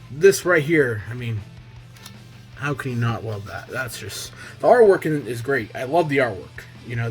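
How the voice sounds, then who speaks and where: An excited man talks through a casual review vlog in a loose, rambling way, leaning on plenty of fillers. His voice sits at an ordinary middle pitch, with faint music behind him. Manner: enthusiastic, loose, heavy on fillers. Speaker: comic book reviewer.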